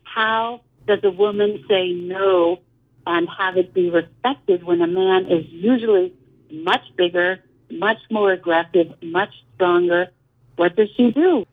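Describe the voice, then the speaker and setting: A middle-aged woman speaks earnestly over a thin, tinny phone line. Her voice is husky and a little breathy. She talks with emphatic, steady conviction. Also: lowish voice, takes it slowly. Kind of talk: candid conversation.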